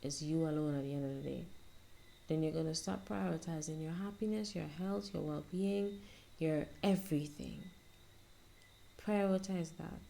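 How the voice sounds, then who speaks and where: Young woman vlogger, low gravelly voice, soft and rambling, home phone recording. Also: moderate pace. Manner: soft-spoken, rambling, reflective. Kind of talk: casual self-help vlog monologue.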